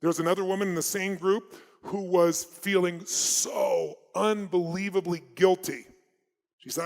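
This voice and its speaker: An American man telling stories at a motivational seminar, emphatic and dramatic, swinging between loud and hushed delivery. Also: high-pitched, steady tone, normal speed. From United States. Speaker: motivational speaker. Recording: long reverb of a large hall.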